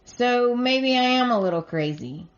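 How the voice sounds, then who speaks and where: A woman's voice: on the high side, animated, a little slow, dull audio, pitched above the performer's own voice. A woman reading out the lines of an upset, defensive woman in a raised, emphatic voice. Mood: indignant.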